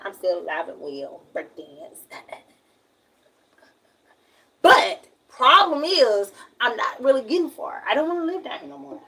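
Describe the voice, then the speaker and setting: Husky Southern woman venting on a livestream. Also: a little high, very animated, measured pace, sharp tone, distant mic, rough recording. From Alabama. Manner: frank, rambling, emphatic.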